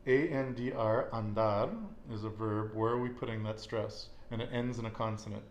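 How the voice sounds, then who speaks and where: A man's voice: lowish voice, flat delivery, brisk. A man teaching a Spanish lesson, patiently quizzing a student and repeating her answers back with encouragement. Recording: echoey room with faint noise.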